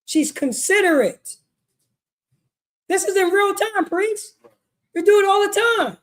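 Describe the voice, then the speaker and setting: High-pitched emphatic New woman preaching. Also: animated, slow pace. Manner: emphatic, repetitive, keeps asking "you know what I mean". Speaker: religious law class teacher. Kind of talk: street-style sermon lesson. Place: meeting hall.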